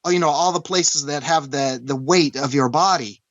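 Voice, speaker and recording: A man from Canada, recounting a personal story as an interview guest in an earnest, halting way, often restarting and saying "you know". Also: fairly high pitch, no room sound. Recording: dull, dry lo-fi recording.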